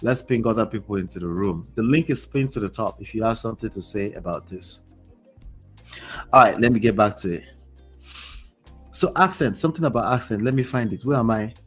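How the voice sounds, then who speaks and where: A man's voice: fairly low pitch, expressive, fairly quick, fairly bright tone, slightly rough, soft background music. A man hosting a livestream, reading a story aloud and breaking off for chatty asides to his viewers. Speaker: host.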